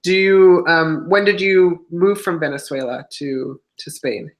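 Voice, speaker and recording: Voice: mid-range voice, a little slow. A livestream host who interviews the guest on a video call, listening closely and often saying mm-hmm. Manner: attentive, frequent mm-hmm backchannels.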